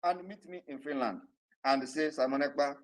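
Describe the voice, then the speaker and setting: A man's voice: on the high side, moderate pace, poor audio. Fiery defiant man with a Nigerian accent. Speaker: political leader addressing followers. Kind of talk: impassioned online address.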